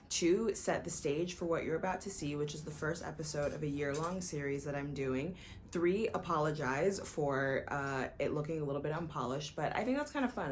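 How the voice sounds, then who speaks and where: A woman's voice: deep voice, a little hiss or hum. A young woman talking casually to camera in a rambling, self-deprecating way with many fillers. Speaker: vlogger, software engineer.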